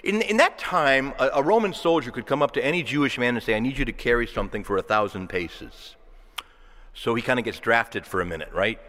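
A man preaching a sermon in a church, lively and dramatic, acting out the voices he quotes and swinging from loud to hushed. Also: mid-range voice, brisk, big-room sound.

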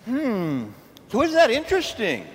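Male priest, high animated voice, preaching with call-and-response in a reverberant church. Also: measured pace, a little hiss or hum. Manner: lively, call-and-response with the congregation, folksy asides. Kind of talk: sermon. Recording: long hall reverb in a church, faint ambience.

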